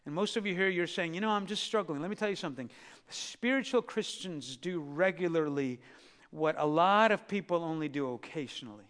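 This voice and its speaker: High bright-voiced preacher in a hall. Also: male voice, a little fast. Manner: animated storytelling, acting out biblical characters. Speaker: pastor. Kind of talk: sermon. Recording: reverberant hall.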